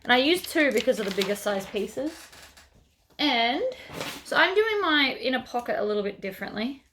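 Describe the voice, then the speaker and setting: A woman's voice: on the high side, sing-song, moderate pace, sharp tone, a little hiss or hum. Chatty woman talking through a sewing job. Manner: chatty, talks through each step as she works. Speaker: sewing tutorial host. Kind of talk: casual step-by-step tutorial narration.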